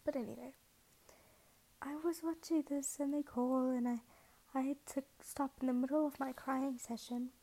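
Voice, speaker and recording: A woman's voice: high voice, dark tone, rough recording. A young woman hosting a casual podcast, rambling and self-mocking, often dropping into a whisper. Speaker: podcast host. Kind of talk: casual monologue.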